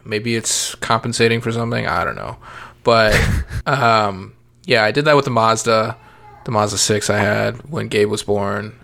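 Man, thirties, gravelly voice, easygoing rambling chat about kids; natural delivery. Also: mid-range voice, a bit bright. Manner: rambling, many fillers and restarts. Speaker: parent podcast guest. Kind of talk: casual chat.

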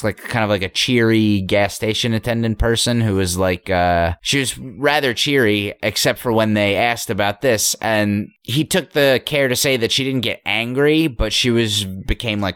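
A man in casual chat, talking through a story he read, halting with many restarts and fillers. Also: lowish voice, a bit bright, clean tone, dry recording. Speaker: story discussion co-host.

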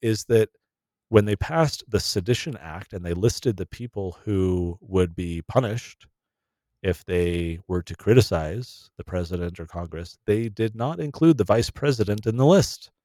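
A man's voice: on the low side, expressive, measured pace, dark tone, dry recording. A man co-hosting a podcast, explaining history in casual chat with frequent restarts and fillers. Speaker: podcast co-host.

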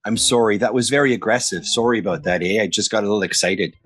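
A Canadian man co-hosting a podcast in casual banter, given to animated mock-outraged rants. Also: lowish voice, fast, hardly any pauses, breathy edge, soft background music. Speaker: podcast co-host.

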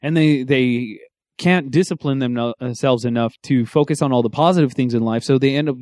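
Male co-host, casual chat; rambling, animated delivery, dry studio sound. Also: medium pitch, brisk, no room sound. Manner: rambling, animated storytelling with self-corrections. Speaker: podcast co-host.

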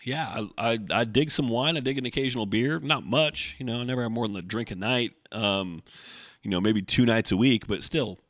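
A man's voice: mid-range voice, brisk, a bit bright, no room sound, studio quality. A man hosting a solo fitness podcast from his home desk, speaking conversationally and working through explanations with analogies, sometimes swearing when annoyed. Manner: conversational, explains with a traffic-cop analogy, flares into mild swearing. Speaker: podcast host. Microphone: desk microphone.

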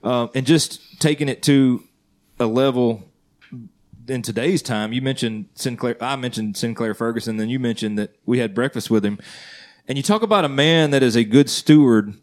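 A man's voice: medium pitch, moderate pace. A man co-hosting a Christian podcast, talking earnestly in a loose conversational way and checking in with the others. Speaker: podcast co-host. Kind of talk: casual Christian podcast chat.

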